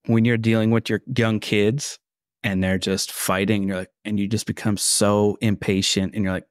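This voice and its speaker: Coach guy on a podcast, low voice, earnest, lots of likes and ums, dry sound. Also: flat delivery, a little fast, no room sound. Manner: earnest, explanatory, many fillers. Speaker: mindset coach guest. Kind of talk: casual interview chat.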